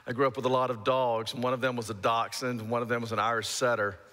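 A man preaching a sermon as a pastor, telling stories and acting out the shouted parts. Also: mid-range voice, quick pace, in a large hall. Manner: storytelling with lively shouted re-enactments.

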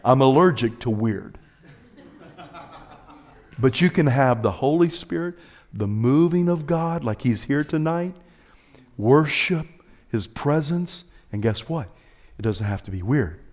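Pastor, male, mid-pitched, animated sermon delivery with sweeping pitch swings and call-outs. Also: a little slow, long pauses. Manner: animated preaching, pitch swinging high and low, calls to the congregation.

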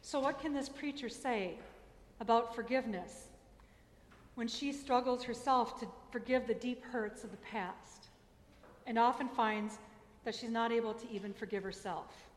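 A woman's voice: a little high, measured pace, slight background noise. A woman pastor reading scripture and preaching a sermon in a candid, personal way, with emphatic asides. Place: church sanctuary. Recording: echoey church hall.

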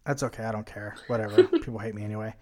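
A young American man co-hosts a podcast, chatting casually in a laid-back, swearing, somewhat rambling way. His fairly low voice swoops wildly in pitch and he talks very fast, with crowd noise behind him.

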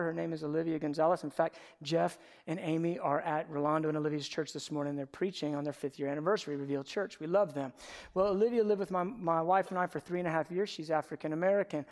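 A man preaching a sermon from the pulpit, moving between hushed, personal storytelling and loud, emphatic exhortation. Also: high voice. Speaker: pastor.

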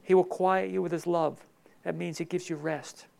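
High gravelly guy preaching, gets loud then goes real soft, kinda teary. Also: steady tone, moderate pace. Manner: emotional, swings between loud emphatic and soft hushed. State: tearful. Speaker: pastor. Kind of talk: sermon.

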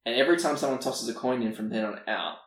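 Animated man retelling a show, roomy sound. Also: medium pitch, fast talker. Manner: animated storyteller, laughing often, acts out characters' lines. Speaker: podcast co-host. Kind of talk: casual chat, retelling a TV episode. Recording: roomy, distant mic.

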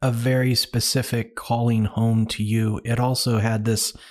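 A man's voice: medium pitch, little pitch movement, a little slow, darkish tone. A man hosting an interview, reacting with short encouraging remarks before his next question. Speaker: host.

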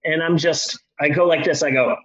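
Forties male host, husky, animated teller, slightly muffled recording. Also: normal speed. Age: 40s. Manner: animated, swings into high panicked outbursts. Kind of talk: casual storytelling.

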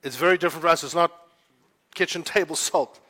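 A man's voice: fairly high pitch, fast, pushed and bright. A man from Africa, preaching a sermon in a fervent, conversational storytelling way. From South Africa. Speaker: pastor.

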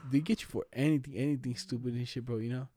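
A man's voice: medium pitch, fairly even intonation, fast talker, mellow. A young man in casual chat, telling school stories in slangy, profane talk and laughing often.

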